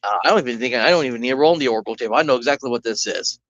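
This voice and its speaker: This man runs through a solo tabletop game very fast in a mid-range, slightly bright voice, chatting, rambling, restarting, and pausing for asides. The dull, lo-fi mic gives a dry, close sound with no echo.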